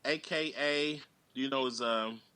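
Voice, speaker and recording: A man talking through a film's plot in a casual chat, telling it with animated, character-quoting energy. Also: medium pitch, unhurried, clear, resonant tone, no room sound. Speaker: guest actor and writer. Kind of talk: casual movie review chat.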